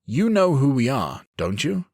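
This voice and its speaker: A man's voice: lowish voice, normal speed, no echo, studio quality, voice pushed up, lightly acted. A man voicing a proud, commanding male official in an audiobook, barking orders and warnings. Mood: stern. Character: arrogant, forceful male official turned outlaw.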